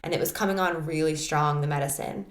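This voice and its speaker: A woman hosting a solo podcast, telling a personal story in a candid, animated way, full of "like" and restarts. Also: sits low, a little fast, roomy sound. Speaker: podcast host.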